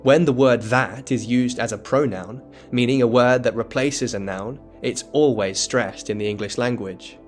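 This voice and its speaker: A man giving scripted educational narration that explains a play, in a measured, dramatic storytelling tone. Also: medium pitch. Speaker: literature explainer.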